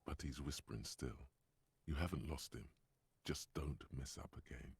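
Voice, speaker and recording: A grim inner narrator from a video game, with a very low, gravelly voice and a husky, rough edge. He speaks gravely and measuredly, as if warning the listener. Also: normal speed, dry recording, studio quality, full character voice. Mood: ominous. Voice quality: deep and gravelly. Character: brooding adult male inner-voice narrator.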